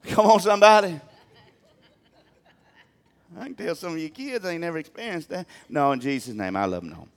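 An older man, preaching a sermon as pastor in a folksy, animated way with humor. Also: fairly high pitch, moderate pace, pauses often.

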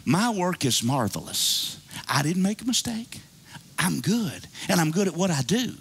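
A preacher voicing God as a male creator who is delighted with his work. He speaks it in a lower, marveling, self-satisfied tone. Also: very animated, unhurried, gravelly, a bit bright, breathy edge, heavily acted. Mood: reassuring.

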